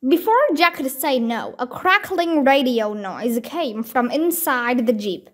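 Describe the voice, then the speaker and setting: A woman reads a children's storybook aloud in a high, clear voice. She takes her time, pausing deliberately through each sentence. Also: expressive. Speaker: storybook reader. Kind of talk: children's book read-aloud.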